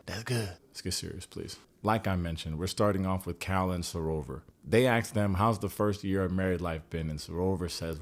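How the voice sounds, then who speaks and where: A man with a low-pitched voice talks through a reality show recap in a loose, comedic way. He cracks jokes and throws in slangy, profane asides as he goes. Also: normal speed, hardly any pauses. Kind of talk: casual comedic commentary.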